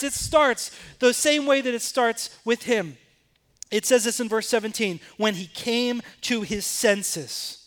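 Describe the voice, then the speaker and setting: A man preaching a sermon as pastor, moving between quiet, intense passages and rising, emphatic questions. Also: very high voice.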